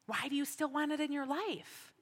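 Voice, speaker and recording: A woman's voice: sits high, normal speed, in a large hall. A woman teaching at a women's ministry meeting, earnest and exhorting, full of rhetorical questions. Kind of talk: church teaching talk.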